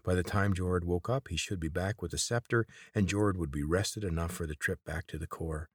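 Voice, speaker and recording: A man reading a chapter book aloud in steady, measured storybook narration. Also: low voice, breathy edge, dry recording, studio quality. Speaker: audiobook reader.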